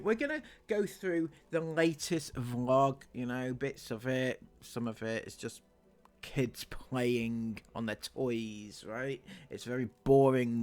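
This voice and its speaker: A man's voice: medium pitch, a little mellow. A man doing sarcastic commentary on online comments, laughing often. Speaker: commentary YouTuber.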